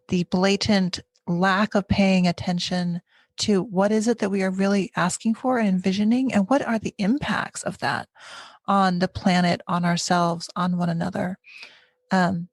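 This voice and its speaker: A woman hosting a podcast, speaking in a thoughtful, searching way with many pauses and restarts. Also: lowish voice, no echo. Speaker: podcast host. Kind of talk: reflective conversation.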